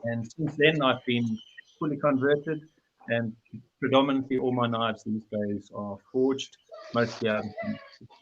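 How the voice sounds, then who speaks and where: A man's voice: medium pitch, fairly even intonation, normal speed. Man, plain practical talker, mid voice, muffled call, faint hiss behind. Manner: matter-of-fact, practical. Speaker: knifemaker guest. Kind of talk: casual panel chat on a video call. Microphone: video call.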